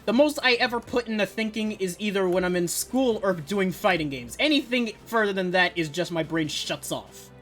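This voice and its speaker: A man's voice: high-pitched, expressive, moderate pace, hardly any pauses, a bit bright, soft background music. Chatty young male game streamer. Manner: joking, chatty, reacting to cutscenes. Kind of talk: casual live-stream chat.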